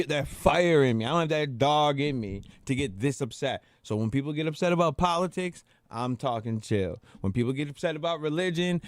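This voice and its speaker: A man's voice: fairly high pitch, dry recording, studio quality. A man hosting a livestream who argues in a casual, heated way and keeps repeating and quoting what the other person said. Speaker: livestream host.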